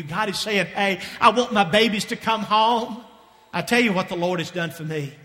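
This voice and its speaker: Impassioned preacher in a reverberant hall. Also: male voice, fairly high pitch. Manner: impassioned, repeating phrases, swings from loud to hushed. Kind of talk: sermon.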